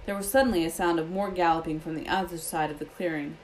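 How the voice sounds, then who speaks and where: A woman reading a children's fantasy novel aloud in a steady storytelling manner. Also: on the low side, fast talker, a little hiss or hum, low-quality recording. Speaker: audiobook reader.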